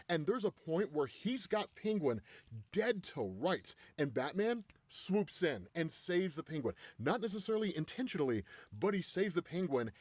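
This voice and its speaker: A man recaps a comic story in a casual, lively way, his pitch swinging up and down. His voice sits a bit high. The sound is dry and close. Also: moderate pace, no echo. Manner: animated, keeps asking "right?".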